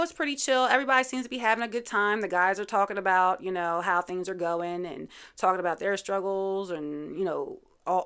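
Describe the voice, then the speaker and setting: A woman's voice: mid-range voice, fairly bright tone, clear, resonant tone. Woman w dishing on a reality show, chatty, opinionated, lotta "you know"s. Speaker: reality TV recap host. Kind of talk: casual recap commentary.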